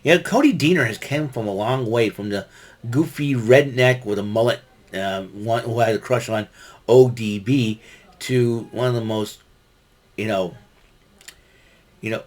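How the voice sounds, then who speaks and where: A man giving a casual solo wrestling recap, rambling with many fillers and restarts. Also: on the low side.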